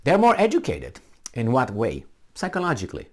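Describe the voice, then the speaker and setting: A middle-aged man rants in sarcastic commentary, firing off rhetorical questions. His voice swings up and down with a lively, animated pitch while he stays combative from start to finish. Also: brisk. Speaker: political commentator. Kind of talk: ranting commentary.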